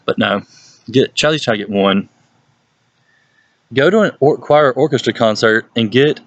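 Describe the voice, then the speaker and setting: A man with a Southern Mississippi accent chats playfully in a casual vlog, sounding like the youth pastor he is. His voice sits in an ordinary middle register. The sound is dry and close, with no room echo. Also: lo-fi sound. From Hattiesburg, Mississippi, USA. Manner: chatty and playful, jumps into exaggerated high-pitched voices when quoting people. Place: at home, with his dog nearby.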